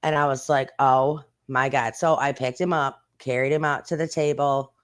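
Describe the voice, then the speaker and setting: A woman's voice: deep voice, steady tone, smooth. Blunt, rambling woman streamer chatting casually. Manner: rambling and blunt, swears freely, with quick bursts. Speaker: streamer and channel host. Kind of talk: casual live-stream chat.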